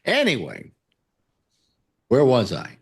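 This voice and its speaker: His voice is mid-range but swoops wildly in pitch, slow, creaky and slightly rough. This radio talk show host rambles through jokes and stories casually, slipping into singing and acted characters.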